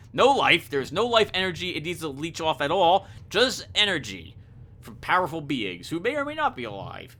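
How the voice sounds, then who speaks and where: A man's voice: on the high side, pushed and bright, a little hiss or hum. A man playing a video game, reading its narration aloud and breaking off for chatty asides and self-corrections, over game music. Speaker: let's player. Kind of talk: reading game text and commenting.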